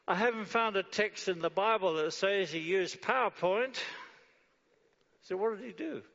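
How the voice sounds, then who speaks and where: Pushed and bright, this man's high voice moves at a moderate pace through a sermon where rhetorical questions meet a firm no. He leads the congregation in reading a prayer aloud, and the recording sounds dull with long hall reverb.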